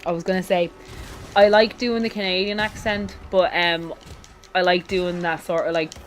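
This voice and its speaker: An Irish woman in a casual let's-play chat, talking freely and often jumping up in pitch. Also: steady tone, moderate pace, faint music behind.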